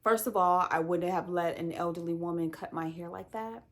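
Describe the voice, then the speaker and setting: Chatty female book reviewer, animated and outspoken, a touch low in pitch. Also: normal speed. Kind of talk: casual spoken book review.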